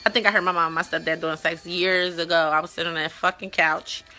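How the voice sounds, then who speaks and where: Brief: young woman hosting a casual web talk show, playful and profane, sharp bright voice. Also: fairly low pitch, steady tone, fast talker, soft background music. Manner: blunt, profane, playful, with loud mock-disgusted outbursts. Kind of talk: casual chat, reacting to viewer stories.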